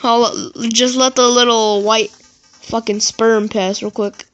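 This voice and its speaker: A gaming YouTuber giving raging gameplay commentary, swearing and yelling in frustration and muttering to himself between outbursts. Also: mid-range voice, level tone, slow, no room sound, muffled recording, faint music behind.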